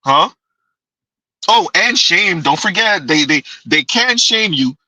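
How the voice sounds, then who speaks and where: A man hosts a late-night commentary show, blunt and joking. He talks slowly with a sharp, bright tone. He sits back from the mic in a dry room. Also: high voice, lively intonation, no room sound, far from the mic, rough recording. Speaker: commentary channel host.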